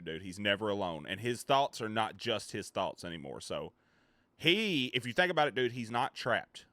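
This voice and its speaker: A man's voice: medium pitch, fairly bright tone, no room sound. A man chatting casually with his viewers on a live stream, joking, rambling and swearing freely.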